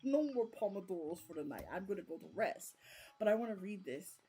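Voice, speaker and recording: A woman's voice: medium pitch, animated, brisk, warm tone, slightly rough, soft background music. A young woman recapping a book chapter in a rambling, chatty way, full of fillers, on a casual live stream. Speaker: book vlogger.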